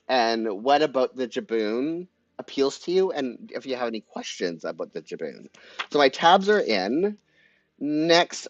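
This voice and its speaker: A man's voice: mid-range voice, no room sound. Chatty Canadian man, dull dry audio. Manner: chatty, giggly, addresses viewers by name. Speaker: livestream host. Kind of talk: casual live planning chat.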